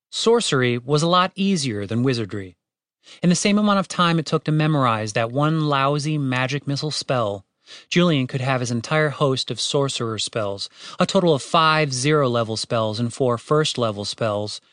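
A man narrating a fantasy audiobook in a steady, wry storytelling way, with casual swearing. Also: medium pitch, normal speed, dry recording, studio quality.

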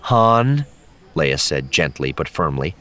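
A man narrating an audiobook in a measured, expressive way. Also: extremely low pitch. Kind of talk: scripted narration.

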